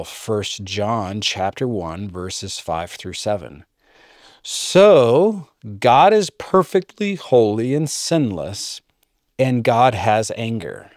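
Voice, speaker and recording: A man preaching a sermon, reading scripture aloud and joking by mimicking his listeners in high voices. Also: animated, slow, a little mellow, no room sound, studio quality. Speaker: pastor.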